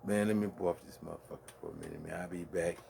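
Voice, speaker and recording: A man's voice: sits low, fairly even intonation, fast, creaky, darkish tone, a little hiss or hum. A man with a Brooklyn accent hosting a late-night solo rant from his man cave, full of boastful, profane trash talk. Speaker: host.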